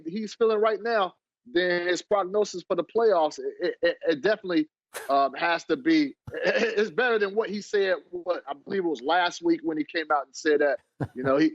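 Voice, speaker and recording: A man's voice: on the high side, no echo, lo-fi sound. A man reporting sports news on a debate show, talking hesitantly with restarts.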